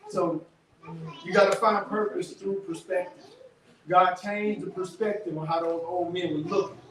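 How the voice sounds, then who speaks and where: High-voiced man preaching in an echoey hall. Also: moderate pace. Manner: animated storytelling with casual vernacular. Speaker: workshop speaker. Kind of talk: testimony talk to an audience. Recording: echoey room, distant mic, background noise.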